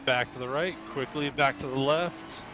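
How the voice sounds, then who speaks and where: A man talks through each lap in a sim racing club, keeping a steady, mid-pitched voice as he calls out short, clipped instructions. Car engine noise runs clearly under him the whole time. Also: moderate pace. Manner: terse running instructions while driving. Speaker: racing driver and coach. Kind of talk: live-stream driving commentary.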